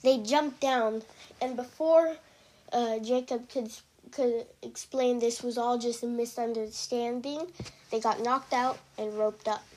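Improvising storyteller: woman, slow, halting, mellow and slightly high. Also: steady tone. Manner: hesitant, with fillers and restarts.

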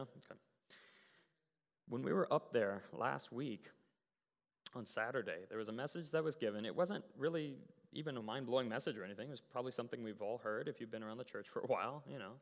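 A man giving a casual sermon as a pastor, telling stories in an animated way with many fillers and repeated words. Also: mid-range voice, fairly quick. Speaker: youth pastor. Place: church sanctuary. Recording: church hall with long reverb.

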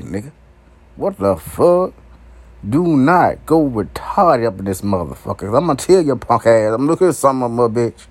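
A man delivering a raw, uncensored monologue to his viewers, brash, profane and animated, breaking into laughter. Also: mid-range voice, no room sound. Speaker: vlogger.

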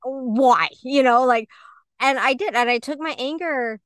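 A woman co-hosting a podcast, telling her story in a candid, animated way and acting out what people said. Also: high voice, unhurried, smooth, dry recording. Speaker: podcast co-host. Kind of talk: candid conversational podcast talk.

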